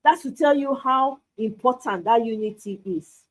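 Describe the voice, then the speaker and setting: A woman with a Nigerian accent hosting a live stream, talking in an animated, rhetorical way and asking "why" again and again. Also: fairly high pitch, moderate pace, low-quality recording. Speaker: host.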